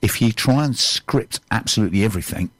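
A man's voice: on the low side, a little fast, a bit bright, slightly rough, no room sound. A man hosting a podcast, chatty and jokey, telling stories and asking questions. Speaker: podcast host. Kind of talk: casual podcast conversation.

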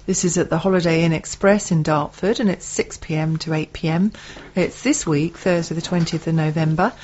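Low-voiced female radio co-host. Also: fairly quick, darkish tone, dull audio. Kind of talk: reading announcements and bantering.

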